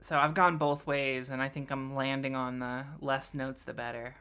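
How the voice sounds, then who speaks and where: A woman running a tabletop game as game master, chatty and quick to explain. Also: rumbling low, flat delivery, a bit bright, clean tone.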